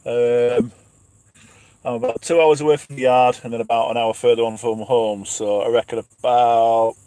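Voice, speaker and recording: A man from England chats casually from his truck cab at night, laughing at himself as he reads out viewer questions. His voice sits at an everyday middle pitch, and the sound is dry and close. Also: little pitch movement, normal speed, mellow, clean tone, dry recording. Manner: chatty, self-mocking, laughs often, reads names aloud. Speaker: truck driver and channel host. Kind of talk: casual live-stream chat reading viewer questions.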